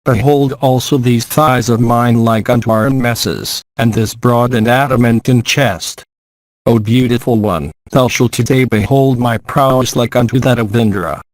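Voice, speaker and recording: A proud, mighty young warrior boasting of his strength in old-fashioned, declamatory speech, as a man reads him aloud. The voice sits at an ordinary male pitch. It is recorded dry and close. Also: moderate pace, no echo, close to an everyday voice. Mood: boastful. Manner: archaic, declamatory.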